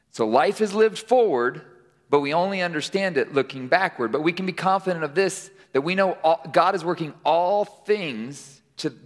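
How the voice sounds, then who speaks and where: A man giving a casual, rambling conference sermon, with frequent restarts, to a live audience. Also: a little high. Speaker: conference speaker. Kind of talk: sermon with a joke. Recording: long hall reverb.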